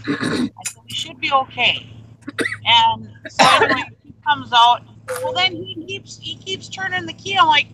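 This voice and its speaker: Reseller host, female, lively chatty storyteller with a tense, bright tone. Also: sits high, moderate pace, slight background noise, rough recording. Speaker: online reseller hosting a livestream. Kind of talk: casual storytelling chat.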